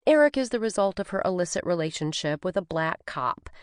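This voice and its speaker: A woman narrates a cozy mystery in the first person, her voice lowish and full of lively pitch movement. She tells the story with expression. The studio recording is dry and close. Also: a little fast, clean tone, no room sound. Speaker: audiobook narrator. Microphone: studio microphone.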